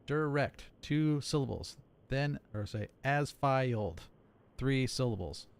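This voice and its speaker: Gravelly-voiced man chatting on a stream. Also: mid-range voice, expressive, measured pace, darkish tone. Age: 30s. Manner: chatty, explains with repeated examples, self-mocking. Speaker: streamer and air traffic controller. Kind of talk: casual live-stream chat.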